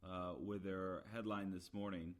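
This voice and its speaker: A man with a somewhat low voice delivers an opinionated solo commentary. He rambles with plenty of "uh" fillers and restarts. He leans into emphatic, exasperated repetition. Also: little pitch movement, measured pace. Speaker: podcast commentator.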